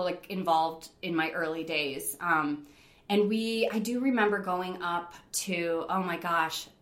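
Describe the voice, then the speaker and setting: A middle-aged woman from upstate New York telling stories in a casual interview, animated, laughing often and using lots of fillers. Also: fairly low pitch, reverberant. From Rochester, New York. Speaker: interview guest, rock climber.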